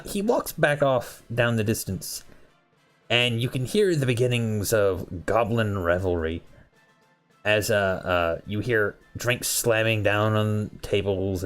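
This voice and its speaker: A man narrating a tabletop game as game master, unhurried and full of fillers. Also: on the low side.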